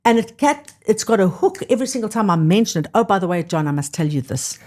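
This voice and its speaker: A woman's voice: mid-range voice, fast talker. A middle-aged South African woman with a South African accent, telling stories with enthusiasm as a guest on a podcast interview. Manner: enthusiastic, animated storyteller.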